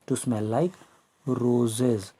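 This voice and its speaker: A man's voice: medium pitch, steady tone, drawn-out words, warm tone, husky. A man teaching a literature lesson. He reads story passages aloud and then explains them phrase by phrase, with fillers.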